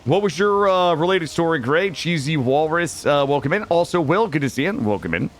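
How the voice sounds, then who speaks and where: Faint music plays behind a man with a fairly high voice who talks a little fast while streaming a game. He chats casually with viewers, rambling through animated stories, swearing freely and greeting chat members by name as he plays.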